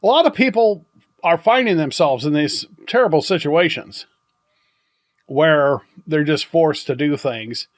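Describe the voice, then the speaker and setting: An older man hosting a podcast, telling a story in a rambling, halting way with many restarts and chuckles. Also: fairly high pitch, lively intonation. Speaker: podcast host. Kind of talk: casual storytelling monologue.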